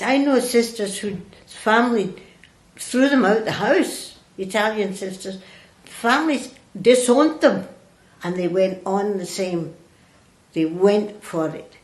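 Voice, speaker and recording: An older woman who is a religious sister tells her own story slowly and reflectively, with hesitations and restarts. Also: medium pitch, darkish tone. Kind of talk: reflective personal storytelling in an interview. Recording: roomy echo.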